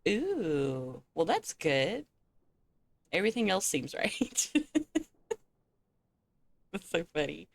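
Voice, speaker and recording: A woman streamer chats casually with her viewers, teasing them playfully and laughing often. Her voice sits slightly low for a woman. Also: sing-song, slow pace, creaky, long pauses. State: eating with a full mouth. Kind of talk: casual gaming livestream chat.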